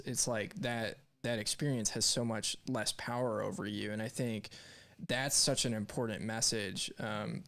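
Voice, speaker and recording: Gravelly low-voiced man chatting casually. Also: a bit bright. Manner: rambling, candid, reads chat messages aloud. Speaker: co-host of a live stream show. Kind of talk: casual chat.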